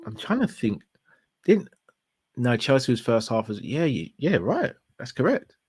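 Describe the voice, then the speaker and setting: A man's voice: medium pitch, measured pace, husky, dry recording. Laid-back man hosting a stream. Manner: relaxed, slangy, shouts out viewers. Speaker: host reading viewer messages. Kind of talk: casual live-stream chat.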